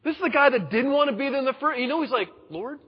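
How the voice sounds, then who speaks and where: A man's voice: extremely high pitch, racing, breathy edge. A pastor giving a conversational sermon, acting out the people he quotes. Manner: conversational, acts out quoted voices. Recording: dull sound in a reverberant hall.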